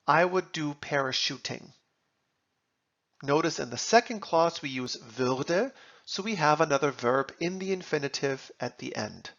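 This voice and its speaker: A man teaching German grammar, reading example sentences and translating them in a slow, deliberate lesson. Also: fairly high pitch, expressive, creaky, a bit bright, dull audio.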